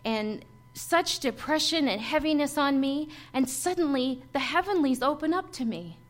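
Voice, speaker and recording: High-voiced woman pastor preaching. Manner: impassioned storytelling, swinging from hushed to emphatic. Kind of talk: sermon with personal testimony.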